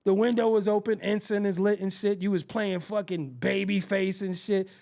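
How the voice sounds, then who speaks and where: An adult man hosts a show, spinning profane comic stories, acting out the voices of the people in them and laughing often as he goes. His voice is high-set and creaky, delivered at a moderate pace, and his manner is animated.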